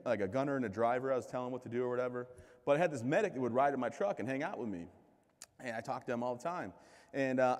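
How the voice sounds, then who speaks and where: A man in his thirties, from the United States, gives a comedic keynote talk, ribbing himself as he tells his stories. His voice sits at an ordinary middle pitch for a man. The sound carries a long reverb, as if picked up in a large event hall. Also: a little mellow. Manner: joking, self-deprecating storyteller. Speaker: keynote speaker.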